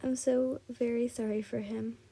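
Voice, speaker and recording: A woman reading as a gentle grieving mother. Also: fairly high pitch, flat delivery, moderate pace, vocal fry, breathy edge. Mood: sorrowful. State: tired. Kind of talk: reading a fan fiction listener story aloud.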